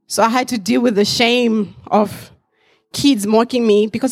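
A woman's voice: fairly high pitch, steady tone, unhurried. A woman in her forties, raised in Africa, giving an earnest personal testimony to a church congregation, reflective with light laughs.

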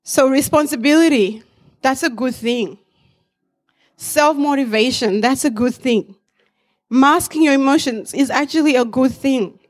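A woman's voice: sits high, unhurried. Earnest woman sharing her testimony. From Africa. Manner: earnest and reflective, with light laughs. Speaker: church speaker giving testimony. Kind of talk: personal testimony to a congregation.

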